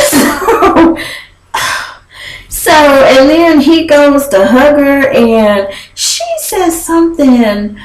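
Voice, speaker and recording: A young woman vlogger gives a sassy, chatty gossip recap of a reality show, animated with laughs and often slipping into mock voices to quote people. Her voice is high and she speaks very slowly, captured in a rough recording with an echoey room.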